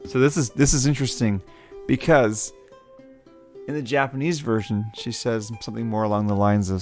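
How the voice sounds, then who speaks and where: A let's play streamer with a steady, mid-range, slightly mellow voice talks at a moderate pace, casually commenting on a game. He reads its dialogue aloud in playful voices and laughs often, with faint game music behind him.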